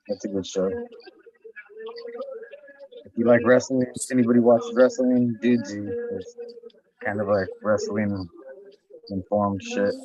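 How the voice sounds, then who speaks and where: A man's voice: on the low side, darkish tone, dull audio. A man chatting casually and rambling, swearing a lot and filling his talk with likes. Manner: rambling, heavy swearing, lots of fillers. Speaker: podcast host. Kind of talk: casual chat.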